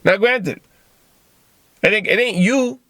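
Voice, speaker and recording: A man with a gravelly, somewhat high-pitched voice delivers a blunt motivational podcast monologue, heavy on profanity. He keeps slipping into quick acted-out exchanges. His close mic sounds dry, with no room around it. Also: a bit bright, no room sound. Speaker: podcast host.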